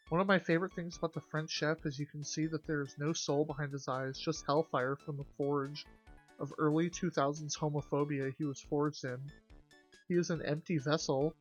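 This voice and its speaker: Young adult streamer, casual game commentary, swearing asides, mid-pitched voice, slightly dull stream audio. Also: normal speed, faint music behind. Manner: chatty, swearing, animated asides to chat. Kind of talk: casual let's-play commentary, reading game dialogue aloud. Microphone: desk mic with gain adjusted.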